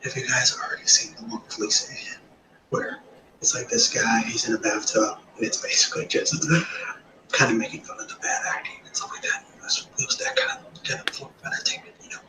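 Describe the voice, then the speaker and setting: A man's voice: mid-range voice, wildly swooping pitch, fairly quick, low-quality recording. A man co-hosting a podcast, retelling a scene at great length, often dropping into a half-whisper. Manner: long-winded storyteller, often half-whispering. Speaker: podcast co-host. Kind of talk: casual chat, retelling a scene.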